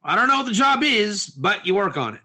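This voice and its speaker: A man teaching a lively class, acting out little scenes and asking his listeners questions. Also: high voice, brisk. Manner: animated, acts out quotes, asks audience questions. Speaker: Torah teacher.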